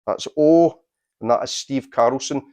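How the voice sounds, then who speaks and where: A man reads out a quiz tournament draw at a slow, steady pace. He pauses between names and drops in dry asides. His voice sits at a middling pitch. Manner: deliberate, unhurried announcing with dry asides. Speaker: quiz host.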